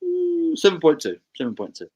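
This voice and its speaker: A man's voice: mid-range voice, expressive, moderate pace, soft background music, rough recording. A man hosting a casual beer livestream, reading out viewer comments and chatting about them. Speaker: livestream host.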